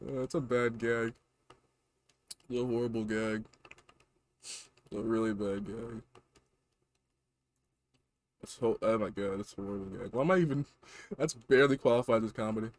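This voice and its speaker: A tired man streaming a video game, talking in low, mumbling, self-mocking asides. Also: normal speed, pauses often. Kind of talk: casual game-stream commentary.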